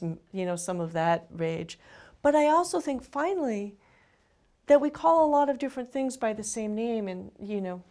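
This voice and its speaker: A woman's voice: medium pitch, darkish tone. A woman in her fifties, an author being interviewed, speaking reflectively with frequent restarts and asides.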